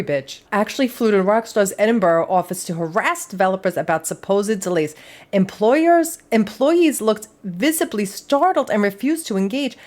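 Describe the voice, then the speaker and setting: A woman's voice: mid-range voice, darkish tone. Sassy woman hosting a gaming news show. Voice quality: sassy, dramatic, swears freely. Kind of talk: casual commentary.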